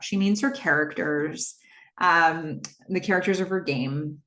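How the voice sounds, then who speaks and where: A woman hosting a podcast, casually retelling a TV episode scene by scene and quoting the characters' lines with lively jumps in her voice. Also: fairly low pitch, a little slow, reverberant. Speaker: podcast host recapping a TV episode. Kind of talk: casual solo recap narration.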